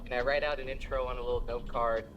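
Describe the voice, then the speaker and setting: A man's voice: mid-range voice, fast talker, muffled recording, background noise. A male stand-up comedian telling a story and acting out each character. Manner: animated, acts out every character.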